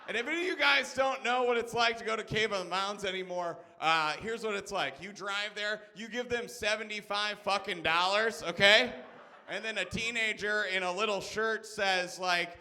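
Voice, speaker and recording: A man's voice: high voice, normal speed, sharp tone, slight background noise. A man in his thirties doing a stand-up comedy set, ranting with profanity and tagging jokes with "okay?". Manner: exasperated, profane ranting with punchy asides; frequent "okay?" and "all right?" tags.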